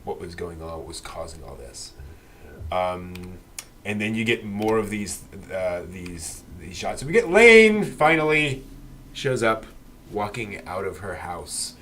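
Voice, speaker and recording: A man with a lowish voice walks through scenes in a relaxed, thoughtful way, pausing often with ums. It is a casual co-host discussion. A faint hiss sits under the recording. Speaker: podcast co-host.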